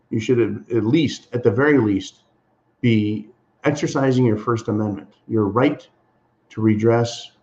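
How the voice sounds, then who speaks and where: An American man rants through a political commentary monologue, indignant and emphatic, again and again turning to his listeners as folks. His voice sits at an ordinary middle pitch. The recording sounds a little dull and lo-fi. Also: darkish tone. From USA. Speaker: channel host.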